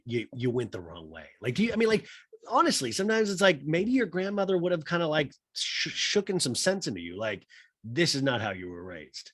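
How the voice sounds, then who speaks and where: A man hosting a comedy podcast, recapping a reality TV episode in a loose, swearing, animated way. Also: medium pitch, slightly rough, dry recording, clean studio sound. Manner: animated, swears, slips into mimicking voices. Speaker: podcast host.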